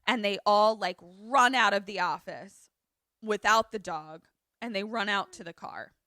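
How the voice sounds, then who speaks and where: Animated woman retelling a film plot. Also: mid-range voice, dry recording, studio quality. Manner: animated storyteller, acts out characters in quick voices. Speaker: podcast co-host.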